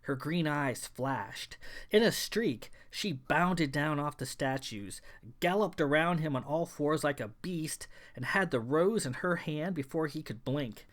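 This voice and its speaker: A man narrating his own science fiction novel in a measured, even storytelling read. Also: fairly high pitch. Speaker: author and narrator. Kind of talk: audiobook narration.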